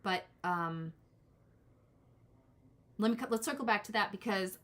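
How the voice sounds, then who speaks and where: A woman in her forties, mid-pitched, talks in a loose, rambling way through a live-stream tarot reading. She often restarts her sentences and turns aside to greet people in the chat. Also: unhurried, fairly bright tone. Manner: rambling, self-interrupting, talks to chat viewers. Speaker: tarot reader.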